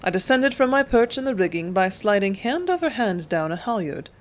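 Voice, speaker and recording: A woman reading a first-person memoir as an audiobook narrator, calm and measured. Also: mid-range voice.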